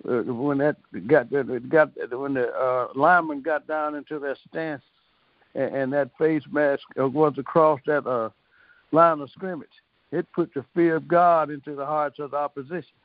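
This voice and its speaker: A man's voice: on the high side, fairly even intonation, normal speed, dry recording. A man recounting a conversation in casual interview talk, hesitant and full of fillers. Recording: tinny phone line.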